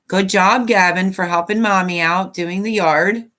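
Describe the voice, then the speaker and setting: Chatty, lower-pitched woman live-streaming. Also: measured pace, a bit bright. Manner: chatty and rambling, reads viewer comments aloud. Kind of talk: casual live-stream chat.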